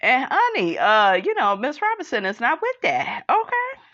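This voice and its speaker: A woman's voice: on the high side, very animated, normal speed, sharp tone, highs cut off. A woman in a casual gossip chat who reads out viewer comments and keeps calling her listeners honey and child.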